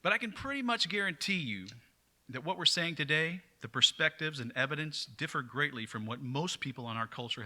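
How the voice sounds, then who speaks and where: Bright-voiced man giving an earnest talk. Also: medium pitch. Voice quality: earnest, explanatory. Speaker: speaker, psychologist. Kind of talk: church talk lecture.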